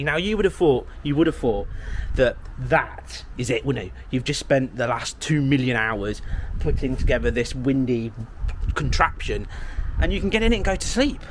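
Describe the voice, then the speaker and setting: A man's voice: mid-range voice, a little hiss or hum. A man making a comic vlog at a campsite outdoors, wry and sarcastic, joking at his own expense. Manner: wry and sarcastic, laughs at himself. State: a bit out of breath. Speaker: vlogger. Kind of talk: self-deprecating comic vlog.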